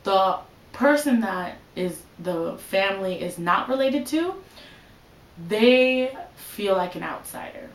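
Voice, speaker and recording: A woman's voice: mid-range voice, reverberant, slight background noise, poor audio. A young woman giving casual advice in a vlog, chatty and full of "like" and "you know". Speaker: vlogger.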